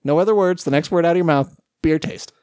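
A man co-hosting a casual beer podcast, teasing and bossing the others with quick jokes. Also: fairly high pitch, a little mellow, no echo, clean studio sound. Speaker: podcast co-host. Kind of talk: casual chat.

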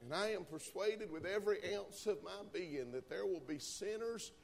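A man preaching a sermon, moving between calm storytelling and loud, fervent climaxes. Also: high-pitched, normal speed, vocal fry.

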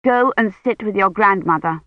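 A woman voicing a firm, caring young woman who speaks sternly and gently. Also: medium pitch, normal speed, no room sound, natural voice. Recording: tinny phone-like line.

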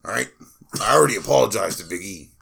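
A man's voice: lowish voice, expressive, fast talker, gravelly, a bit bright, husky, full character voice. A man putting on the voice of a brash older male pro wrestler, drawling and calling everyone brother. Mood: defensive.

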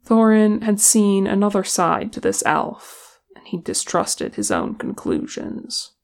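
Slow, gravelly fan audiobook narrator, steady storytelling. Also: medium pitch. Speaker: audiobook reader.

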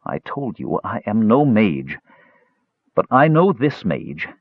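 A man's voice: lowish voice, big pitch swings, moderate pace, no echo. A man voicing a stern, guarded male half-elf swordsman who speaks firmly and sometimes growls. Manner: firm, growling. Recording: slightly dull lo-fi audiobook recording.

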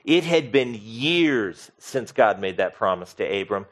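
A man preaching a sermon as pastor, expressive, swinging from soft to loud and asking the congregation questions. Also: on the low side, measured pace.

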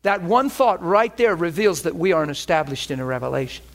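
Male pastor, slightly high pitch, conversational emphatic teaching sermon. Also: lively intonation, fairly quick, fairly bright tone.

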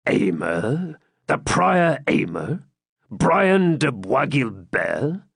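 A man's voice: mid-range voice, sing-song, extremely slow, creaky, breathy edge, no echo, clean studio sound, exaggerated voice. A man voicing a proud, bitter old Saxon lord who speaks with indignant declamation in an audiobook reading. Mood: grudging.

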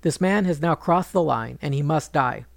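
A man voicing a proud queen who is furious and grieving, speaking bitterly in his gravelly storytelling voice. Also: on the high side, moderate pace, dry recording, clean studio sound. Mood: bitter, pleading. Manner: bitter, accusing speech.

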